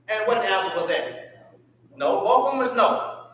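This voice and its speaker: Southern guy leading bible class, high bright voice, lots of back and forth questions, roomy church sound from far off. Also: sing-song, normal speed, pauses often. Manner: call-and-response questioning. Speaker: Sunday school teacher. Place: church hall. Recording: echoey room from far off.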